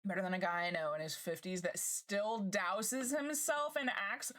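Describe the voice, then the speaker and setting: A woman streamer chatting casually with her live chat, bubbly and gushing and quick to laugh. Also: mid-range voice, a bit bright.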